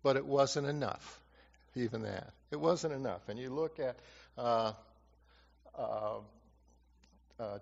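A man's voice: mid-range voice, vocal fry. Man preaching with echoing repetition. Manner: repeats key phrases for emphasis. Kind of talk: sermon. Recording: muffled reverberant hall recording.

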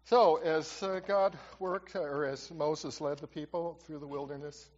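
Male preacher, slightly high voice, repeats key lines for emphasis, muffled recording in a long-echo hall. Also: steady tone, a little slow. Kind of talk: sermon.

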